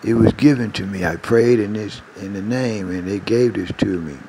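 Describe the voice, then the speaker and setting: A divine mother pleading her innocence, as a man puts her on. She keeps protesting and insisting over a husky, gravelly low voice. There is faint background noise. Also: normal speed, dark tone, close to an everyday voice. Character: pleading woman, a divine mother defending herself.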